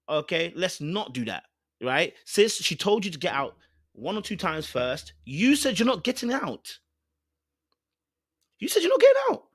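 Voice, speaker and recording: A man's voice: high-pitched, a bit bright, no room sound, clean studio sound. A man hosting a reaction show, blunt and repeating his points for emphasis. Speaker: reaction channel host. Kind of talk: casual reaction commentary.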